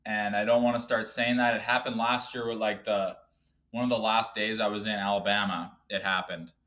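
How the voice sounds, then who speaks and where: Profane young man ranting loudly. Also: flat delivery, moderate pace. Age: 20s. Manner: profane, rambling, self-deprecating; swings between loud outbursts and low mumbling. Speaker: podcast host. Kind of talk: casual solo podcast rant.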